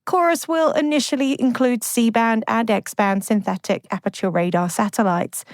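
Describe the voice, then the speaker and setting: Steady woman news co-host. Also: a little high, moderate pace, no echo. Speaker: podcast co-host. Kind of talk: scripted news reading.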